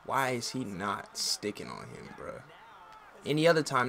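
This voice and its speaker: A young man talks through his football video game in loose slang, ranting and swearing whenever a play goes wrong. His voice sits at an ordinary middle pitch, and his talk stays casual and chatty between the outbursts. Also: huge pitch swings, unhurried, creaky. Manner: slangy, frustrated, yells and curses at the game. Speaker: gaming channel host. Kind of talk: casual gameplay commentary.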